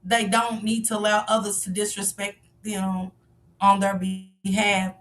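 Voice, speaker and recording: A woman's voice: mid-range voice, little pitch movement, a little slow, distant mic. A woman giving passionate live-stream commentary, firing off rhetorical questions and sometimes raising her voice. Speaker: livestream commentator.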